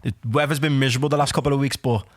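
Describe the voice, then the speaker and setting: Give me a young man, animated and laughing, on a dry close mic. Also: medium pitch, very fast, no echo. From Liverpool, England. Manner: animated, laughs often while telling a story. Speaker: podcast co-host. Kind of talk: casual chat, storytelling.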